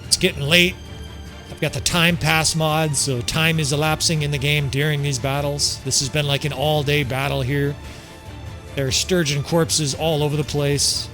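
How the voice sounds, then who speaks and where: A man's voice: fairly high pitch, level tone, moderate pace, a bit bright, faint music behind. A man giving casual strategy game commentary, joking and swearing as he plays, chuckling often. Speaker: gameplay commentator.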